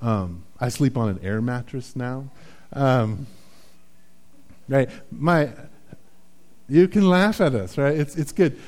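A man's voice: mid-range voice, takes it slowly, long pauses, a little mellow. A man preaching a sermon in a conversational, self-deprecating way, often checking in with "right?". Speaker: pastor.

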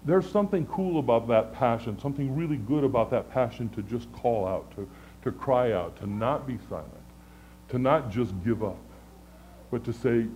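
A man preaching a sermon in a conversational, earnest way, often stammering and restarting, moving between loud pleading and hushed lows. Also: moderate pace, a little hiss or hum, rough recording. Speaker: pastor.

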